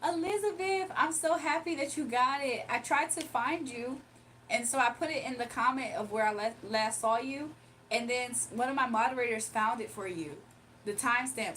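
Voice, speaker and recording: A woman's voice: fairly high pitch, fairly bright tone, far from the mic, slight background noise. A young woman hosting a casual livestream, chatting, laughing often and reading viewers' comments aloud. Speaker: livestream host doing readings.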